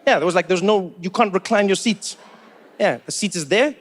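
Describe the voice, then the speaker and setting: Animated South African comedian telling stories. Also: male voice, high voice, brisk. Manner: animated storytelling with incredulous rising questions. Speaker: stand-up comedian. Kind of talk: stand-up comedy.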